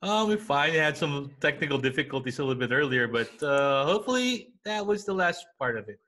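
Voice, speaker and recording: Bright-voiced male podcast host. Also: on the high side, sing-song, a little fast. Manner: chatty, upbeat, many fillers. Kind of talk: casual podcast interview.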